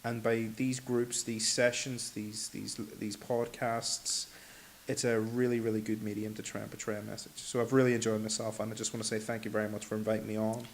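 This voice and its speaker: A man, a podcast guest, talking in a relaxed, reflective, casual way. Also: on the low side, brisk. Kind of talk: casual chat. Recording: faint hiss.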